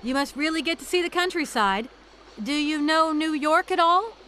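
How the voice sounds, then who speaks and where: A woman's voice: high-pitched, normal speed, pushed and bright, a little hiss or hum. An actress playing a polite woman lawyer with dry wit in a game. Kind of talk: game voice acting.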